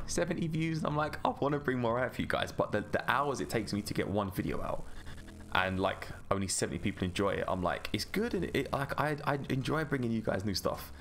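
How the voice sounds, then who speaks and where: A man's voice: mid-range voice, a bit bright, a little hiss or hum. A man rambling and chatting with an easy laugh while he gives casual gameplay commentary as a gaming YouTuber.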